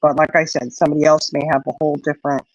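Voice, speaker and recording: Racing along in a low voice with little pitch movement, a middle-aged woman hosts a casual livestream on an evening walk outside. She answers viewers in a rambling style, peppered with "you know." The sound is lo-fi, with no room sound.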